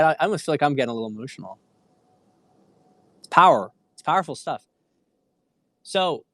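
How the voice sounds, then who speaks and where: A man's voice: fairly high pitch, fairly bright tone, no echo. A man hosting a dating livestream, speaking in an earnest, preachy way with frequent restarts. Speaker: dating coach. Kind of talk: livestream talk.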